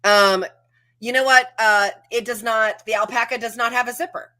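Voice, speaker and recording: A woman's voice: a little high, steady tone, normal speed, pushed and bright. A woman co-hosting a live stream, chatting in a loose, rambling way with many fillers. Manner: rambling, lots of "like" and restarts. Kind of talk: casual live-stream chat.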